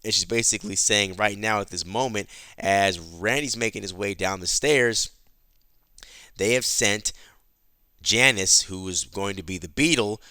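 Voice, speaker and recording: A man hosting a casual comic book recap in a chatty, animated storytelling manner. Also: lowish voice, a little slow, dry recording, studio quality.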